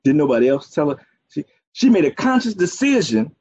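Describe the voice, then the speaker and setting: A man's voice: fairly high pitch, sing-song, a little fast, a little mellow, husky, dry recording. A man preaching a sermon, using folksy asides and a string of "okay"s. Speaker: pastor. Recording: dull, dry, muffled sound.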